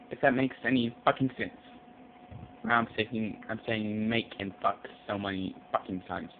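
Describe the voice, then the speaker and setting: A man's voice: fairly low pitch, normal speed. A man swearing constantly as he rambles in a casual vlog from his bedroom. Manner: profane, rambling, jumpy. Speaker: vlogger. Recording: tinny lo-fi audio with faint hiss.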